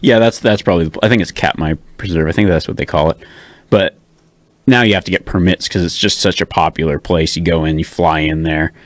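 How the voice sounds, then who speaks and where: A man's voice: low-pitched, fairly even intonation, a little fast, no echo. A man who is a guest on a podcast, chatting casually in an easygoing way and laughing often. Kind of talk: casual conversation.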